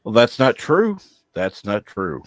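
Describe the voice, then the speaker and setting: A man's voice: medium pitch, very animated, unhurried, no room sound. A man hosting a live stream, chatting casually and reading out viewer messages. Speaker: stream host reading chat.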